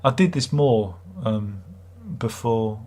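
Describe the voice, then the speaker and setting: A man's voice: lowish voice, slow pace, warm tone. A middle-aged man hosts a livestream, chatting casually and reading viewer comments in a sarcastic, rambling way. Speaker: livestream host.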